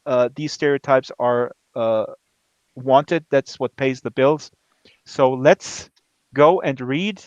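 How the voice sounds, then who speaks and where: A man's voice: mid-range voice, slow, no echo, muffled recording. A man hosting a book club online, casually guiding his guest step by step before a staged reading. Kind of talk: casual chat, reading a script aloud.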